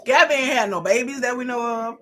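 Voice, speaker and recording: A woman's voice: a little high, fast talker, heavy background noise. A woman in her forties recapping a reality show, blunt and profane, exasperated and repeating herself when riled. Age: 40s. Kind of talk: casual live episode commentary.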